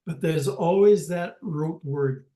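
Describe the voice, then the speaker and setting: An older man teaching a language lesson over a video call, speaking haltingly with many pauses and restarts. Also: fairly high pitch, mellow, reverberant, rough recording.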